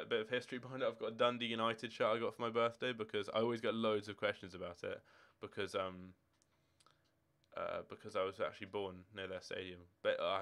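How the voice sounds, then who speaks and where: A young man of eighteen talks casually on a game stream, wandering from one answer to the next. His voice sits a little low and sounds smooth and clean. He is from Scotland. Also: fairly bright tone. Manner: rambling, chatty, answering chat questions as they come. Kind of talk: casual live-stream chat. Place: home room with football shirts and drawers.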